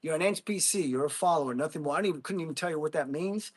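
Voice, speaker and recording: Blunt high-voiced man livestreaming. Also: very fast. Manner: blunt, emphatic, calls viewers bro. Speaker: livestream host. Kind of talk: casual livestream chat, reading comments.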